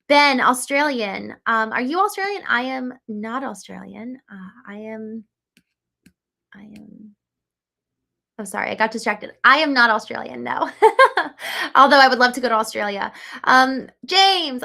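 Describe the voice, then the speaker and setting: A woman's voice: on the high side, vocal fry, sharp tone. A woman hosting a casual livestream, talking earnestly and reflectively and reading out chat comments, with frequent ums and likes. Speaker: livestream host.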